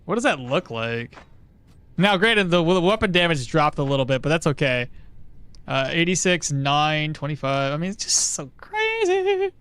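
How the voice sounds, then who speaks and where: A man streaming a game, chatting casually and excitably, swearing now and then. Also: on the high side, moderate pace, smooth, no room sound. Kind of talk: casual gameplay commentary.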